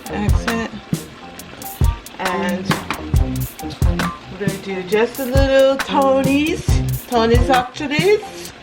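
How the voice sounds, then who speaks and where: A woman vlogger with a fairly high voice talks slowly, leaving long pauses, as she cooks in her home kitchen and chats casually straight to her viewers. The home video sounds rough, with loud music playing behind her.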